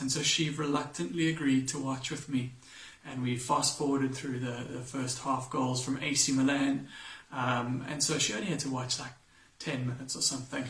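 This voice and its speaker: A man from England reading scripture and then preaching a sermon, telling a story in a relaxed way with self-deprecating humor. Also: medium pitch. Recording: echoey room, mic at a distance.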